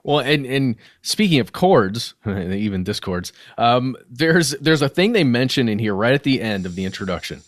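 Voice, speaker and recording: A man co-hosting a podcast in casual chat, talking in a measured way with a few restarts. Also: mid-range voice, expressive, no echo. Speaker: podcast co-host. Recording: dry close studio sound.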